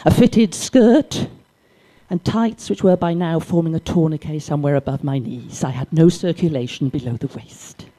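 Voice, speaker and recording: An older woman from Wales, performing a stand-up comedy story with dry delivery and sudden loud acted shouts. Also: deep voice. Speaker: stand-up comic. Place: library comedy gig.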